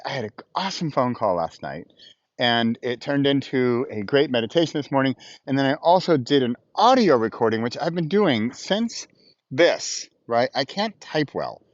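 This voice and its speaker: A man's voice: medium pitch, no echo, highs cut off. A man talking in a casual morning vlog outdoors by a small pond, hyped up and playful, recorded on Bluetooth headphones. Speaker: vlogger.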